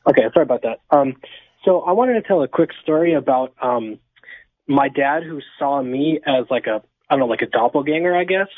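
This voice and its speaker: A man's voice: mid-range voice, lively intonation, fairly quick, dry recording. A man from California calling in to a radio show, telling a story with lots of fillers and restarts. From Inland Empire, California. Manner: rambling, many fillers and restarts. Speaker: caller. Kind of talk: storytelling over the phone. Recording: tinny phone line.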